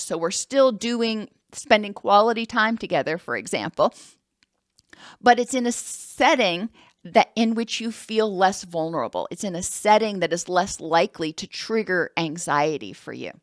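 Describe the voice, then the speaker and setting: Woman, counselor, educational talk, calm explanatory manner, dry recording. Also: medium pitch, no echo. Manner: calm, explanatory, with occasional ums.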